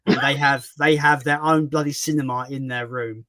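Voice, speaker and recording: A man's voice: mid-range voice, steady tone, moderate pace, pushed and bright, no echo. Swearing British man, dry close sound. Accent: British English. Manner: candid, swears freely, self-mocking. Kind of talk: casual livestream chat.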